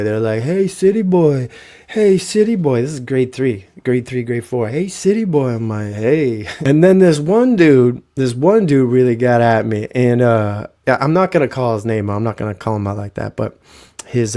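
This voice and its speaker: A man hosting a podcast, telling comic stories in an animated, profane way. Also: medium pitch. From Canada. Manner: animated, profane, rhetorical "right?". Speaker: podcast host. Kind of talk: comic storytelling.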